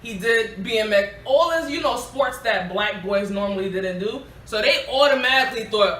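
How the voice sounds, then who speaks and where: Lively New York woman co-host, bright, recorded from across an echoey room. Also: mid-range voice, moderate pace, hardly any pauses. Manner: lively, chatty. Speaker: podcast co-host. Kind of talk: casual group chat. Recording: echoey room, mic at a distance, faint hiss.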